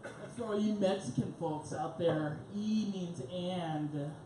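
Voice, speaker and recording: A man's voice: sits high, slow, dark tone. A young man opening a crude, self-deprecating stand-up set. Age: young adult. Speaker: stand-up comedian. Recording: echoey club room with noise.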